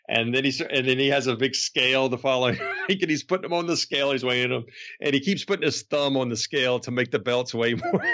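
A man's voice: mid-range voice, sharp tone. A man who is a podcast guest, casually telling rambling anecdotes with frequent chuckles and restarts.

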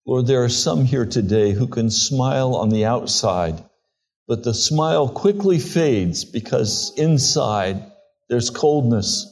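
A man's voice: medium pitch, lively intonation, darkish tone. Earnest man preaching a sermon. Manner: slow, earnest storytelling preacher. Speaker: pastor. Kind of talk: sermon with scripture reading.

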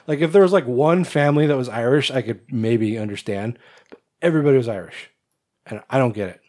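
A man co-hosting a podcast, chatting casually about a film, blunt and quick to swear, often trailing off and restarting. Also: medium pitch, darkish tone. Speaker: podcast co-host. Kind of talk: casual movie review chat.

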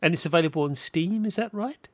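A man's voice: on the high side, fast talker, a little mellow, dry recording, studio quality. A man hosting a podcast interview, chatting casually and animatedly, often laughing and acting out quoted voices. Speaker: podcast host.

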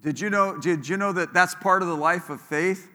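Man, pastor, emphatic sermon, bright voice, long church reverb. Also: sits high, moderate pace. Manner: emphatic preaching with call-and-response to the congregation.

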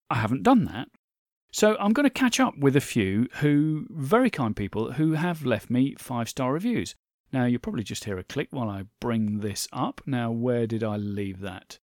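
Guy doing a solo podcast, earnest and thankful, mid pitch, bouncy intonation, dry close sound. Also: darkish tone, no room sound. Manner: earnest, thankful, reads listener reviews aloud; stumbles over names, chatty asides. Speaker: podcast host.

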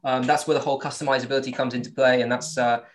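A man's voice: medium pitch, little pitch movement, racing. A man with a Southern English accent, a company founder answering interview questions casually, with many fillers and restarts. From born in Virginia, raised with English accent.

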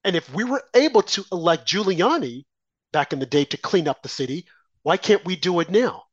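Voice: medium pitch, expressive, fairly quick, no room sound. Heated opinion guest who mocks opponents, recorded dry and a bit dull. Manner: indignant, rhetorical questions, mocking impressions. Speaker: political commentator guest. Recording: dry, slightly dull lo-fi sound.

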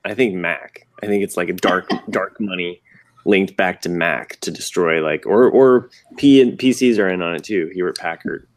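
A man's voice: low-pitched, moderate pace. A man co-hosting a podcast, riffing jokingly with playful comparisons in casual chat. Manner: jokey, riffs with playful comparisons. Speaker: podcast co-host.

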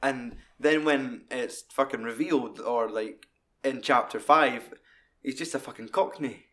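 A man's voice: medium pitch, unhurried, a bit bright. A man, co-hosting a casual film discussion, rambling and swearing a lot. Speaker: podcast co-host.

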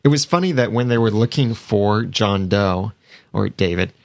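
Low gravelly man chatting casually. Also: normal speed. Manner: chatty, recaps scenes in detail. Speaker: podcast co-host. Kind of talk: casual chat.

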